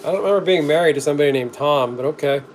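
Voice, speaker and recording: Racing along in a fairly high voice, this middle-aged streamer cooks on camera and reads out comments with deadpan humor. He talks to the camera as he works and coughs frequently, and background noise is clearly audible.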